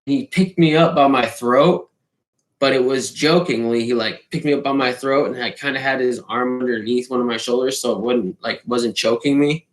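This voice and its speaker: A man spins a rowdy anecdote in loose, casual talk, heavy with swearing and punchy sound effects. His voice sits at an ordinary middle pitch, and the room around him rings with a noticeable echo. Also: normal speed. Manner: profane, animated, fond of sound effects. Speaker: storyteller. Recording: roomy echo.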